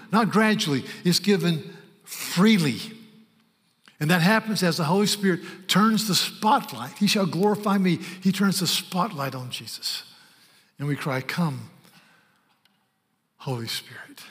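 Male pastor, fairly high voice, earnest emphatic sermon delivery, long hall reverb. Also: fairly bright tone. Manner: earnest, emphatic preaching with slowed stresses.

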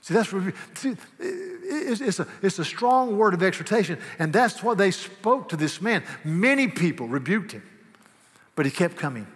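Guy preaching a sermon, kinda high voice, lots of repeats, big hall echo. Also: big pitch swings, moderate pace, fairly bright tone. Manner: emphatic, repeats words, raises voice for quoted rebukes. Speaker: pastor.

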